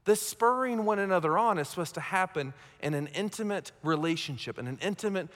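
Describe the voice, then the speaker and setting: A man's voice: sits high, lively intonation, a little fast, fairly bright tone. A man preaching a sermon as pastor, conversational and self-mocking, often checking in with his listeners. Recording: long hall reverb.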